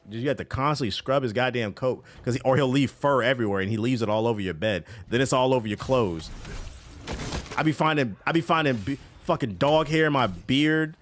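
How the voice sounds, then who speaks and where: A man's voice: medium pitch, normal speed, slight background noise. A man streaming a game, chatting casually and profanely with his chat while he plays. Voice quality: profane, loose and animated.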